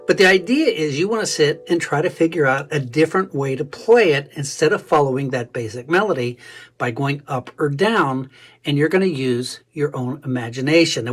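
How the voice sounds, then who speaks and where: A man's voice: fairly high pitch, husky. A man teaching a casual instrument lesson, thinking aloud and correcting himself as he plays. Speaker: music teacher. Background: dulcimer playing.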